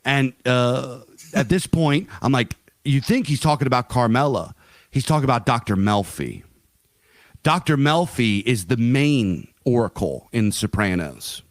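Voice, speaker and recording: A man's voice: mid-range voice, expressive, a little slow, dry recording, clean studio sound. A middle-aged man co-hosting a podcast in casual chat, rambling and swearing with many fillers and restarts. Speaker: podcast co-host.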